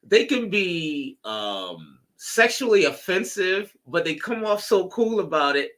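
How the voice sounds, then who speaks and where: A man co-hosting a casual chat with an animated, rambling, joking delivery full of fillers. His voice sits a touch high and bright, swinging widely in pitch. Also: takes it slowly. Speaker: co-host.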